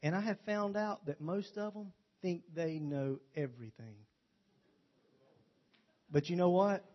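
A man's voice: sits high, measured pace. A man preaching a sermon in a folksy, joking, storytelling way. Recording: dull lo-fi recording.

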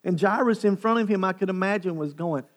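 A male pastor preaching a sermon, retelling a story with animated, dramatic delivery. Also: high-pitched, quick pace. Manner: animated, dramatic storytelling with sharp swings in loudness.

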